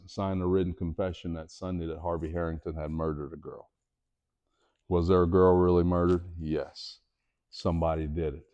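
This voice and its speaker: A middle-aged man, a former athlete, giving a motivational talk to students in a school auditorium, telling a personal story with rising and falling intensity. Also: highs cut off. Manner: storytelling, animated, raises voice for drama then drops low. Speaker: motivational speaker.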